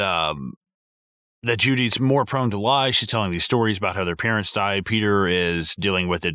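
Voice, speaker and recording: A man co-hosting a movie podcast, excitable and profane, his voice lowish but bright and forceful. He rambles through a film's scenes and acts them out in silly voices. The recording is close and dry. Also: no room sound. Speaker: podcast co-host. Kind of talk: casual movie review chat.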